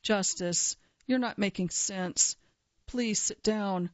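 A woman reading the lines of a gentle, worried female nurse who soothes her patient. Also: mid-range voice, slow, no room sound, dull audio, close to an everyday voice.

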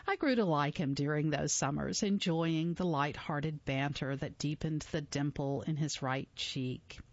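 A woman in her forties narrating a memoir audiobook in a measured, reflective way. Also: sits low, dry recording, lo-fi sound.

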